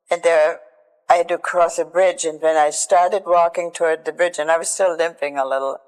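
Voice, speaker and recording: An older woman tells her own survival story in an earnest, halting way, restarting phrases and turning to prayer. Her voice is gravelly with fry at the ends of phrases. It is an archival recording with a long hall reverb around her. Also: on the low side. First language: German. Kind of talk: recounted personal testimony.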